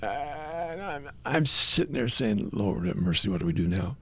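An older man telling a personal story as a radio guest, animated, acting out the voices of the people he quotes. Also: medium pitch, moderate pace. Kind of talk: conversational testimony.

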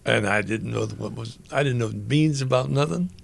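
Older male interview guest, gravelly voice, earnest and reflective storyteller, halting delivery with restarts. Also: medium pitch. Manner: halting, with frequent restarts and fillers. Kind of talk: personal storytelling in conversation.

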